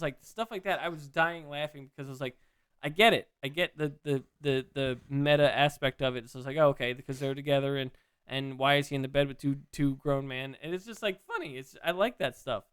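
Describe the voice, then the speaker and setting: A man co-hosting a casual podcast, telling stories in an animated, rambling way. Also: on the high side, fairly quick, clear, resonant tone, no room sound, studio quality. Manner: animated, rambling, laughs at his own stories. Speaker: podcast co-host. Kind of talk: casual chat.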